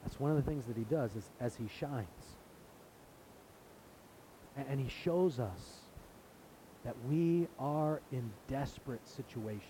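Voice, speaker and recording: A man's voice: medium pitch, moderate pace, warm tone, slight background noise, low-quality recording. A man preaching a sermon in an earnest way, now and then acting out the voices of people in the story. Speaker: pastor.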